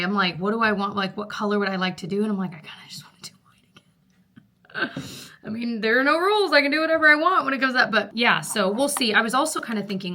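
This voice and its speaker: Bright, chatty woman vlogger. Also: mid-range voice, slight background noise. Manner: chatty and rambling, with frequent fillers and quick laughs. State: out of breath. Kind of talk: casual chat to camera.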